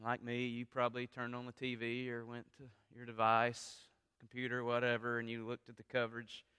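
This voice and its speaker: A man preaching a sermon with passion, going from quiet talk to loud appeals. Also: mid-range voice, completely flat delivery, brisk, clear, resonant tone, in a large hall. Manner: impassioned, rises from quiet to loud. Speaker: pastor.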